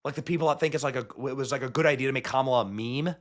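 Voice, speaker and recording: A man's voice: mid-range voice, rapid-fire. A man hosting a commentary show, ranting in a mocking, emphatic way. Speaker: host. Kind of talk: political commentary.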